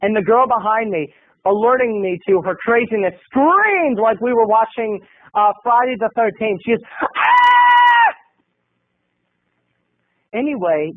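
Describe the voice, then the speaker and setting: A man with a high voice that swings widely tells a story in a theatrical, animated way and acts out each person's voice. The sound is dry and thin, like it came through a phone line. It has the feel of a solo video blog monologue. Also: no room sound. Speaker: video blogger.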